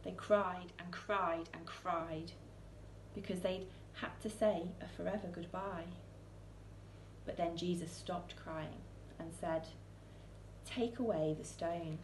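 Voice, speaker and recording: A woman's voice: lowish voice, slow pace, roomy sound, a little hiss or hum. Woman reading a picture book aloud expressively. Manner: expressive, with soaring questions and hushed lines. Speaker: storyteller. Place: church.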